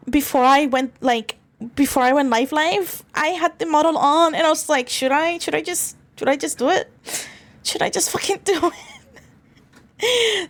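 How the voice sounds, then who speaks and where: Giggly high-voiced woman streamer. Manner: giggly, rambling, crude and teasing; stammers and restarts often. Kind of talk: casual livestream chat.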